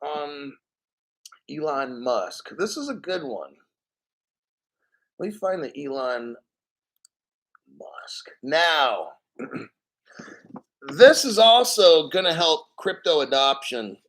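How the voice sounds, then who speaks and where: A man with a somewhat high-pitched voice chats through a crypto livestream in an easy, rambling way. He swears casually and keeps clearing his throat between thoughts. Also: sing-song, takes it slowly, long pauses, a bit bright. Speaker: crypto livestream host reading chat.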